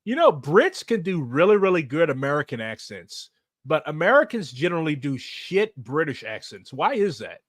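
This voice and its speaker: Animated, sarcastic man answering questions. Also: a little high, normal speed, dry recording, clean studio sound. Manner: animated, profane, sarcastic, laughs often. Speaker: streamer answering viewer questions. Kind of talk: casual chat.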